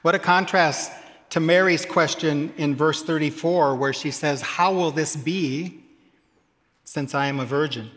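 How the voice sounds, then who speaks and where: A man's voice: on the high side, a little slow, a bit bright, big-room sound. A man preaching a sermon, reading scripture aloud and adding humorous asides. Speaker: pastor.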